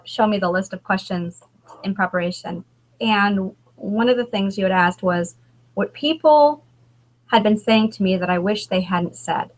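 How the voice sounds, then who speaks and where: A woman in her thirties speaks as a guest author in a candid conversation. She halts and restarts often as she talks. Her pitch sits in the middle range. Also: rough recording. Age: 30s. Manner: halting, emotional, many restarts.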